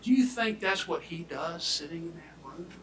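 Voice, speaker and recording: A man delivers a prosecutor's closing argument, speaking emphatically and swinging between loud declarations and hushed near-whispers. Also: on the high side, normal speed, slight background noise. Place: courtroom. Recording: echoey courtroom audio from far off.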